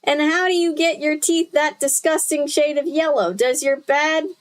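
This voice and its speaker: A woman doing a raspy, nasty ventriloquist dummy. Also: high voice, normal speed, voice pushed up, natural voice. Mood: nasty mocking. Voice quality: harsh raspy growl. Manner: mocking, rude.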